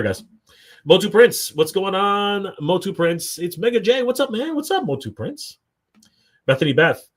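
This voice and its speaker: An upbeat Canadian man hosts a live stream, reading out viewer comments with a medium-pitched voice. He talks casually, with plenty of fillers and quick reactions. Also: fairly bright tone. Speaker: livestream host.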